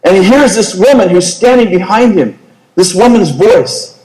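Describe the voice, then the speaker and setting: A man's voice: high-pitched, animated, moderate pace, a little mellow, roomy sound, poor audio. A man preaching a sermon, telling a story animatedly and acting out the characters' lines. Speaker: pastor. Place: large church hall.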